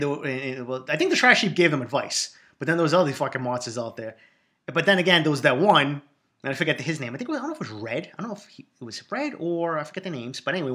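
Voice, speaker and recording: Brief: man in his 40s, podcast host, cursing and rambling, quick and a touch high. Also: a bit bright. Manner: profane, rambling, hyped-up. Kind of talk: solo casual monologue.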